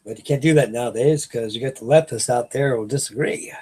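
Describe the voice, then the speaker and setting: A man's voice: mid-range voice, fairly quick, mellow, husky. An older man, rambling folksily as host of a late-night live chat with his viewers. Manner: folksy, meandering, restarts sentences. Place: home at night.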